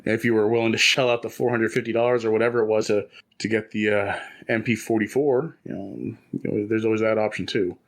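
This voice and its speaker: A man's voice: fairly low pitch, fairly even intonation, a little fast. A man co-hosting a casual podcast, rambling and chatty with frequent restarts. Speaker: podcast co-host. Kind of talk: casual chat.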